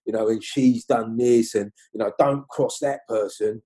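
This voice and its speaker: Middle-aged guy rambling in an interview, dark husky voice, keeps saying you know what i mean. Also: lowish voice, fairly even intonation, unhurried. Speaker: film crew guest. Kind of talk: casual interview chat.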